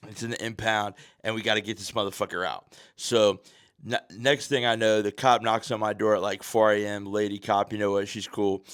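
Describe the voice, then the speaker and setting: A man's voice: lowish voice, clean tone, dry recording, studio quality. A man hosting a podcast, telling a story in a casual, profane, slang-heavy way. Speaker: podcast host.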